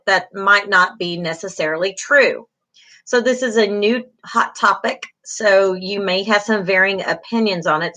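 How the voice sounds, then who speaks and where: Woman, middle-aged, instructor, patient, repetitive, reassuring, mid-pitched. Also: bright, forceful tone, poor audio. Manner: repetitive, reassuring teaching with fillers. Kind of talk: online class lecture.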